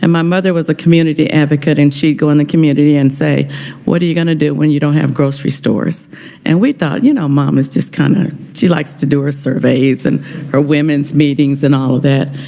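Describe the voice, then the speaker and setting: A woman's voice: deep voice, fairly even intonation, fairly quick, creaky, warm tone. A woman speaking as an honoree at a legislative committee hearing, heartfelt and grateful, a little emotional. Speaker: honoree testifying.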